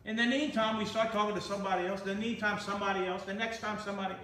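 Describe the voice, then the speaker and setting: A high, bright-voiced man preaching through lively stories, his excitement rising until he is shouting. He sounds distant in a very echoey church, with a faint hum of noise underneath. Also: very fast. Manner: excitable, storytelling, building to shouts. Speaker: pastor. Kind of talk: storytelling sermon.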